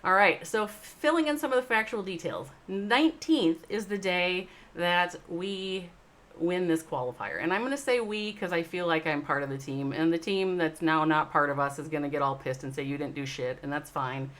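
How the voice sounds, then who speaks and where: A woman hosting a live stream, talking straight to chat viewers. She swings between loud, emphatic, swearing bursts and slow, soft reflection. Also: lowish voice, animated. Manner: addresses chat viewers by name. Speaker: livestream host, esports org owner. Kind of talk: emotional livestream monologue.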